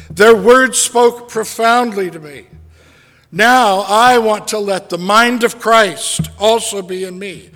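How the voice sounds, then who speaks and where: A man preaching a sermon as a pastor, slow and deliberate with dramatic pauses. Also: high voice, a bit bright, in a large hall.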